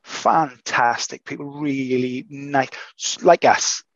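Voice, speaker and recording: A man's voice: medium pitch, steady tone, takes it slowly, no room sound, lo-fi sound. A man who teaches martial arts, chatting on a podcast in an emphatic way and swearing freely. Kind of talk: casual podcast chat.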